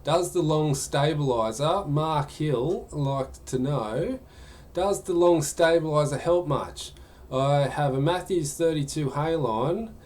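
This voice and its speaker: A man's voice: mid-range voice, a little mellow. A man chatting casually during a live gaming stream, answering viewer questions in a rambling way.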